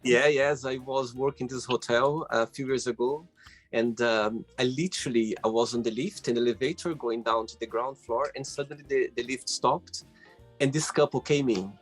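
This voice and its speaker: A man's voice: medium pitch, steady tone, moderate pace, faint music behind. A male host of a casual interview show, friendly and teasing, who retells stories by acting out what people said.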